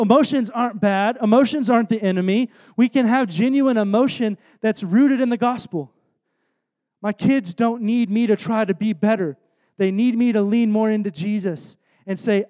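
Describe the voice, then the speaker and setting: A man's voice: very high voice, moderate pace, darkish tone. A man in his thirties preaching a sermon in an earnest, conversational way, with self-deprecating asides.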